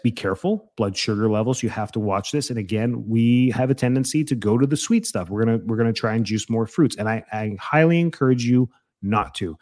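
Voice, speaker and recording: Middle-aged man, blunt health-advice host, mid pitch, animated scolding. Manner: blunt and animated, mimics excuses, jumps in pitch when scolding. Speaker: health doctor giving advice. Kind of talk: casual advice talk.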